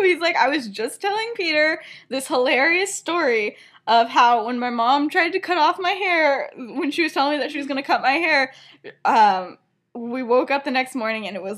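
A woman's voice: sits high, a bit bright. Young female podcast co-host, giggly chatterbox, retells stories and acts out every quote. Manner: chatty, giggly, full of fillers and quick quoted voices. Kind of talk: casual chat retelling a fan story.

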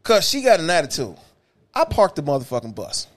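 A man's voice: a little high, brisk. A man, a bus driver telling profane stories on a casual podcast and acting out the quotes. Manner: animated, profane, acts out quotes.

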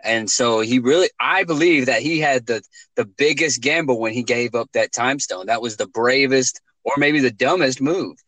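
A man's voice: medium pitch, normal speed, a bit bright, no room sound, rough recording. A man in a casual movie chat, speculating and arguing his points. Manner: argumentative, speculative.

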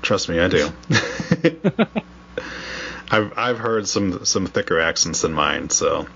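Midwestern male co-host, low voice, halting casual delivery, dull lo-fi audio with faint noise. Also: sing-song, vocal fry, fairly bright tone. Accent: Midwestern American. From Wisconsin, USA. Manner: halting, many restarts and laughs. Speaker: podcast co-host. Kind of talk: casual chat.

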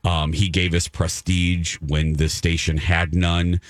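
A man's voice: deep voice, flat delivery, takes it slowly, dry recording. A man hosting a radio show, casually telling a story on air and acting out his own reactions.

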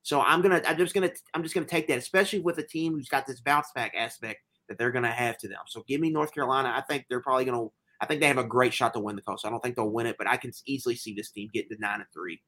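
A man's voice: medium pitch, very fast, hardly any pauses, bright, forceful tone. A man co-hosting a casual sports betting chat, rambling along with many fillers and restarts. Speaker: podcast co-host.

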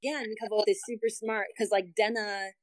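A woman's voice: mid-range voice, fairly even intonation, normal speed, no room sound, poor audio. Chatty woman, dry close sound. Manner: chatty, heavy use of "like" as a filler. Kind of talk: casual book discussion.

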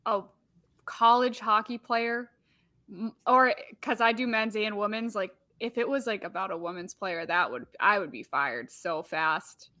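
A woman who broadcasts hockey, chatting casually on a sports talk show with quick, teasing asides. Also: mid-range voice, sharp tone. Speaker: hockey broadcaster and podcast co-host.

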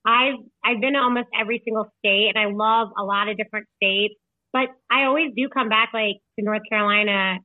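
A woman's voice: medium pitch, steady tone, fairly quick, no echo. Chatty woman over a tinny line. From Illinois. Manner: chatty, laughs often, says "like" a lot. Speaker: podcast guest, author. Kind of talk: casual podcast conversation. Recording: tinny phone-like line, dry.

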